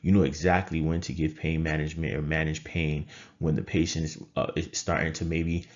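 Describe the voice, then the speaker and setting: Deep-voiced man giving an emphatic coaching talk. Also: little pitch movement, fairly quick, muffled recording. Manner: emphatic, repeats phrases for effect. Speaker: trading coach and critical care nurse. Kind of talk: motivational talk to camera.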